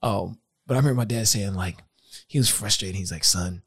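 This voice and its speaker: A man co-hosting a podcast, telling a childhood story in a lively way with laughter. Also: on the low side, fairly quick, slightly rough. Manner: animated storyteller, laughs often. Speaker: podcast co-host. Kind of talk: casual storytelling.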